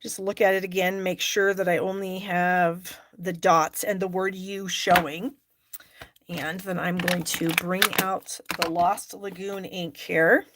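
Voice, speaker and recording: A woman's voice: lowish voice, little pitch movement, a little slow, very noisy. A woman hosting a live stamping class, chatting and thinking aloud as she works. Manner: chatty, thinks aloud while working, fillers. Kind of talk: live craft demonstration.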